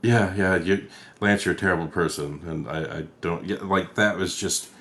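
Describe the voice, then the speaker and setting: Podcast co-host, man, deep voice, swears freely, rambles through movie scenes. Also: normal speed, fairly bright tone. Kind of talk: casual movie chat.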